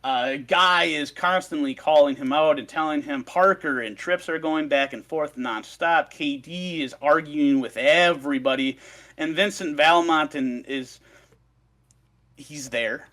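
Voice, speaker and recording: A man's voice: fairly high pitch, unhurried, fairly bright tone. A man on a podcast, recounting a story in a swearing, ranting casual chat. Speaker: podcast co-host presenting research.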